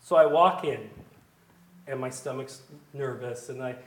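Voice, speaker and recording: A man, a pastor, preaching a sermon with emphasis, swinging between hushed and loud delivery. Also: mid-range voice, a little slow. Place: church sanctuary. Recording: echoey church room.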